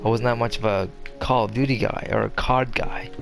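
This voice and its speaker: Young man, gaming commentary, rambling with fillers, mid-pitched voice, faint game music behind. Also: fairly even intonation, brisk, creaky. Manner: rambling, meandering with many fillers and restarts. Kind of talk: casual gameplay commentary.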